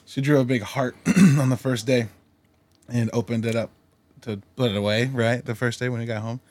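A man's voice: mid-range voice, fairly even intonation, normal speed, a little mellow. A young adult man co-hosting a podcast, chatting casually in a laid-back, jokey way with some swearing. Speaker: podcast co-host. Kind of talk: casual chat.

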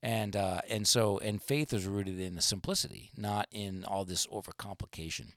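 Male podcast co-host, lowish voice, dry sound, casual rambling delivery full of "you know". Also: fairly even intonation, normal speed, a bit bright, no room sound. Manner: rambling, many fillers and restarts. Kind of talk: casual discussion.

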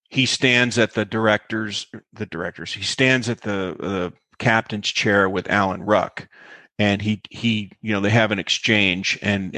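Speaking in a lowish voice on a dry recording, the actor animatedly recounts stories from behind the scenes in this interview. He leans on lots of fillers and performs the quotes he relays.

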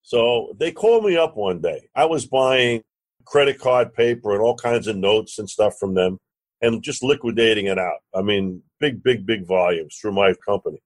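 A man, a real estate lender and podcast guest, telling a lively anecdote and acting out the other voices. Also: fairly low pitch, normal speed. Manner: animated anecdote teller, acts out quoted dialogue, curses casually. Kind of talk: storytelling in a podcast interview.

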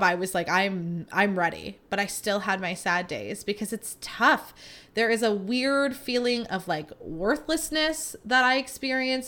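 A woman's voice: mid-range voice, pushed and bright. Chatty, dramatic woman podcaster in her thirties. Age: 30s. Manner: chatty and dramatic, laughing between thoughts. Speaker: podcast host. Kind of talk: casual solo podcast monologue.

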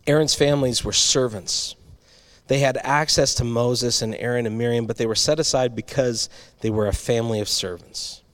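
A man's voice: mid-range voice, fairly even intonation, moderate pace. Male pastor, mid-range voice, easygoing sermon delivery with asides to the room. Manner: conversational, with restarts and asides to the congregation.

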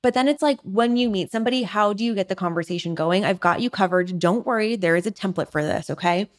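A young woman hosts a podcast in a loose, chatty monologue. She fills her sentences with "like" and acts out the people she quotes. Her voice sits at an ordinary middle pitch. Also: fast. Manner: chatty, frequent "like", animated rants with acted-out quotes. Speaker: podcast host. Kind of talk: casual storytelling monologue.

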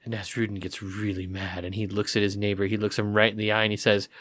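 A man's voice: fairly low pitch, flat delivery, fast, a bit bright. A man co-hosting a casual podcast, telling jokes and stories and acting out the characters. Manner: storytelling with acted-out character voices. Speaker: podcast co-host.

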